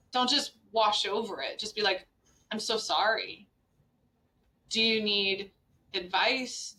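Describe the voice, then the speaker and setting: A woman's voice: medium pitch, bright, forceful tone, far from the mic, slight background noise, poor audio. A woman in her forties speaking frankly as a podcast guest, in a conversational way with frequent "like" and "right?". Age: 40s.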